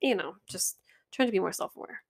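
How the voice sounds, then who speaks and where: A woman's voice: medium pitch, animated, a little fast, gravelly. A woman in her thirties co-hosting a podcast, talking frankly and casually. She swears without fuss and drifts into thoughtful asides. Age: 30s. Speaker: podcast co-host. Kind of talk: casual chat.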